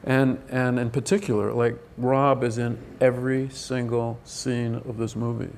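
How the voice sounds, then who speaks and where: A man's voice: mid-range voice, level tone, a little slow, darkish tone, a little hiss or hum. An older man, a film director, answering questions at a press event in a rambling, hesitant way, full of restarts.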